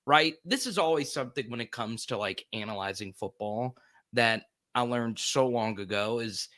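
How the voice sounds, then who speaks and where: A man co-hosting a sports talk show, talking in an upbeat, quick way with frequent restarts. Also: medium pitch, sharp tone, dry recording, studio quality.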